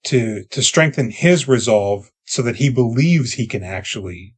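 A man co-hosts a movie podcast and walks through the plot in a casual, swearing style. He slips into quick voices for the characters as he recaps. He speaks at a middle pitch. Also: expressive, breathy edge. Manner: profane, acts out characters while recapping. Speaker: podcast co-host.

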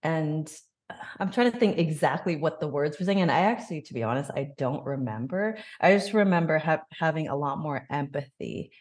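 Low-voiced woman sharing her story. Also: expressive, brisk, darkish tone. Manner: open, reflective, emotional storytelling. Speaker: podcast guest. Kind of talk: candid personal interview.

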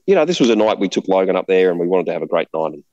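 A man casually telling a rambling, animated travel story, laughing often. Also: sits low, very fast, highs cut off, slight background noise.

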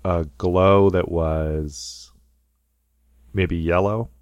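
A man's voice: sits low, fairly even intonation, extremely slow, darkish tone, smooth, no echo, clean studio sound. A man co-hosting a casual podcast, talking through a film scene and acting out quotes in goofy voices. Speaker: podcast co-host.

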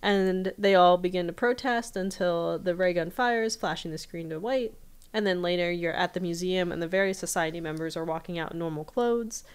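Woman co-host, casual recap, smooth lowish voice, chatty. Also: normal speed. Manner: chatty retelling with fillers. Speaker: podcast co-host.

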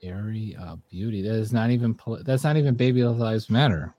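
A man's voice: fairly low pitch, a little fast, dark tone. A man hosting a casual online talk show, chatting in a teasing, questioning way. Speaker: host.

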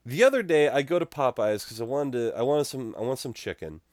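A man's voice: mid-range voice, brisk, dry recording. Guy on a podcast telling a funny story, lots of laughs, dry close mic. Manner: animated, laughing storyteller with restarts. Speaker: podcast co-host. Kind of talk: casual storytelling chat.

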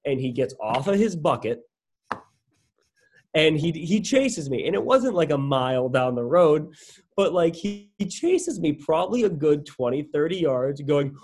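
A young man co-hosting a casual podcast, telling a story in a lively way and acting out what people said. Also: a little high, a little slow. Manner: animated, swears casually, acts out quotes. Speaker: podcast co-host.

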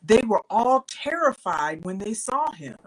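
Scripture reader, woman, unhurried and measured, expressive rise and fall. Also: mid-range voice, rough recording. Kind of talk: reading scripture aloud in a Bible study.

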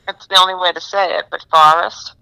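A woman's voice: lowish voice, flat delivery, quick pace, gravelly, bright, forceful tone, clear, resonant tone, no room sound, low-quality recording. A woman co-hosting a podcast in casual chat, hesitant and giggly. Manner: hesitant, giggly, good-natured. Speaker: podcast co-host.

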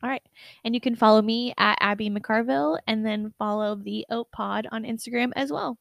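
Young woman podcast host with a gravelly voice. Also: a little high, normal speed, no echo. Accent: American Midwest. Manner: relaxed, encouraging, hedging with "like". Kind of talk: casual interview chat.

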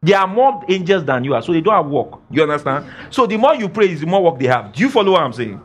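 A man's voice: on the high side, very animated, fast talker. A man preaching a sermon, emphatic and scolding, repeating phrases for effect. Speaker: pastor. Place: church.

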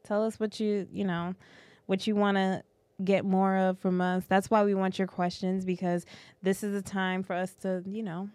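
A woman's voice: mid-range voice, level tone, normal speed, a little mellow, smooth, no echo. A woman co-hosting a casual live podcast stream, playful and slangy, laughing often. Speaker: podcast co-host.

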